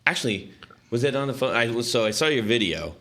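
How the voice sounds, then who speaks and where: A man's voice: medium pitch, animated, fast, a bit bright. A middle-aged man from Southern California hosting a podcast in casual chat, rambling and self-interrupting, laughing often. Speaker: podcast host.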